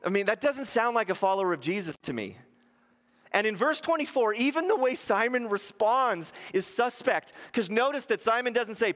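High-voiced preacher in a reverberant hall. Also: male voice, lively intonation, moderate pace, a bit bright. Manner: rhetorical questions, acts out quotes in shifting voices. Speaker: pastor. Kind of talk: sermon.

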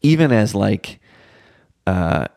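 A man in his thirties, a father, telling a rambling, animated story in casual chat. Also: on the low side, takes it slowly, vocal fry.

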